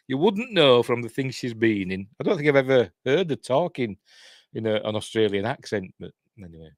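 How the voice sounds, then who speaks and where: A man's voice: medium pitch, very animated, normal speed, no echo, studio quality. A man with a Yorkshire accent hosting a casual livestream, rambling and self-deprecating as he chats to viewers from home. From Yorkshire, England. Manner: chatty, rambling, self-deprecating, reads chat aloud. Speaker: host.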